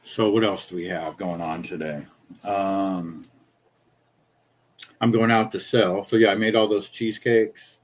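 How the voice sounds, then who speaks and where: A man's voice: sits low, fairly even intonation, unhurried, pauses often, a little hiss or hum. A man in his fifties, a small-business chocolatier, ranting casually in a profane, rambling, indignant way. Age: 50s.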